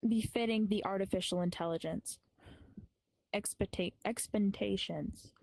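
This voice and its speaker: A woman's voice: medium pitch, a little slow, creaky, darkish tone, rough recording. A woman improvising spoken story narration, sometimes stumbling over names and restarting words. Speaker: improv performer.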